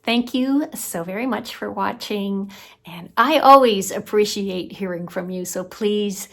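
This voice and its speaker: A woman hosting her own book review channel, talking in an unhurried, thoughtful, conversational way. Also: mid-range voice, creaky. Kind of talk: casual book review vlog.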